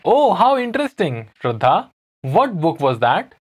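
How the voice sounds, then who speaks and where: Casting note: co-host, very animated intonation, slow teaching delivery. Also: mid-range voice, slightly rough. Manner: reads lines, then repeats them slowly for learners. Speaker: co-host of language lesson. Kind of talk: scripted language lesson.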